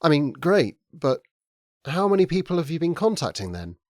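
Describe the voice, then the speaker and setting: A man's voice: on the high side, very animated, moderate pace, a little mellow, dry recording, clean studio sound, pitched above the performer's own voice. A man voicing a nervous, diffident young man who hesitates and stammers as he talks. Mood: hopeful. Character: anxious, diffident young man, new to business.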